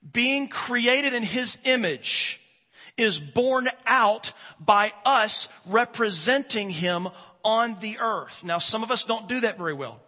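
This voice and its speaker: A male pastor preaching with a bright, husky, fairly high voice that rises and falls widely. He leans into dramatic pauses and swings between strong emphasis and quiet asides. The sound rings out with the long reverb of a large hall. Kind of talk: sermon.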